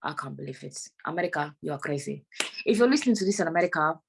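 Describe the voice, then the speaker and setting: A woman's voice: deep voice, expressive, very fast, gravelly, slight background noise. A young woman hosting her own podcast, talking frankly and rambling, with plenty of swearing. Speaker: podcast host. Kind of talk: casual solo podcast monologue.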